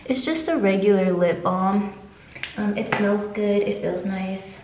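A woman's voice: mid-range voice, a little slow, recorded from a distance, background noise. A young woman, chatting casually through her skincare routine as a vlogger. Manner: laid-back, talks through each step. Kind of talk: casual chat. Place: hotel room. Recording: very echoey room.

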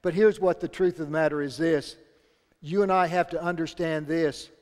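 A male pastor delivers a sermon in an earnest, steady voice, leaning on repeated phrases for emphasis. His voice sits high for a man. A long reverb from the sanctuary trails each line. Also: moderate pace. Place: church sanctuary.

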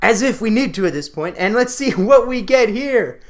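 Excitable high-voiced young man. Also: normal speed. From Canada. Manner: excitable, yelps and laughs at pulls. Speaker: gaming video creator. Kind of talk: pack opening commentary.

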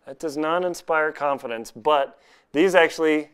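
A man's voice: on the high side, steady tone, moderate pace, fairly bright tone, clear, resonant tone. A man chatting casually in an unboxing vlog from home, joking and laughing at himself as he reviews gear. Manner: chatty, self-mocking, jokes and laughs at himself.

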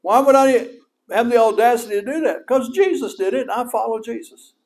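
A middle-aged pastor with a West Texas accent delivers a sermon in a folksy, animated way, his voice climbing high when he wants to stress a point. He speaks a little fast.

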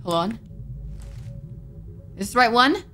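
Young woman, gaming host, lively and bright commentary. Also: fairly high pitch, unhurried, soft background music. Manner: animated, reacting aloud. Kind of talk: let's play commentary.

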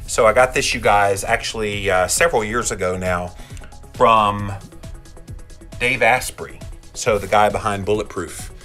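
Standing on a vibration plate that makes his voice shake, a man streams live from his handheld phone, talking directly to his audience and reading out comments. He's a health podcaster with a lowish, bright, forceful voice at a measured pace, over soft background music.

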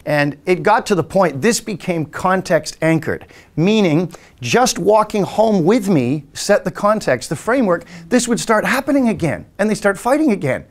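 A man's voice: sits high, animated, normal speed. Older English-born man telling stories. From England. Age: 60s. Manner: rambling anecdotal, acts out family voices. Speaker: podcast host and hypnotist. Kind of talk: casual storytelling.

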